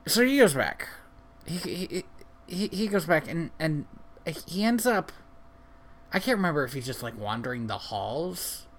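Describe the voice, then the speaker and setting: A man's voice: fairly high pitch, big pitch swings, measured pace, fairly bright tone. A man co-hosting a podcast, recapping a movie in a wry, casual way and laughing at his own jokes. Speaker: podcast co-host.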